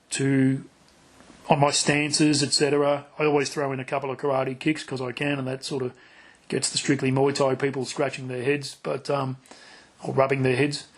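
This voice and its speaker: A man hosting a casual podcast interview, rambling and swearing freely, with lots of restarts. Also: mid-range voice. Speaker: podcast host.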